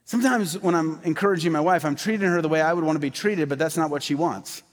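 Fast and slightly high-voiced, this man gives a sermon in a church sanctuary. He addresses the congregation in an animated, conversational style with asides, and the recording carries hall reverb.

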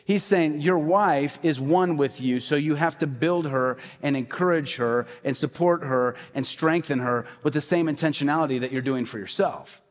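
High-voiced pastor preaching in a hall. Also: male voice, moderate pace, hardly any pauses, slight background noise. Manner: conversational, animated preaching with asides. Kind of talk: sermon. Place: church sanctuary. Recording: hall reverb.

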